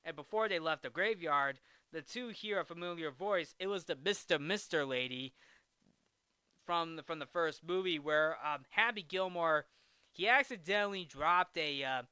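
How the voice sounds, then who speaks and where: A man's voice: fairly high pitch, normal speed, sharp tone, smooth, no room sound. A man hosting a casual film recap, rambling with frequent restarts and fillers.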